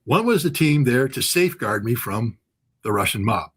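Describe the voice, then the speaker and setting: A man's voice: mid-range voice, normal speed, breathy edge. A man in his sixties, a former weapons inspector, telling long stories as a guest in an interview, with many fillers and restarts. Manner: animated anecdotal storytelling with many fillers. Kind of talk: storytelling interview answer.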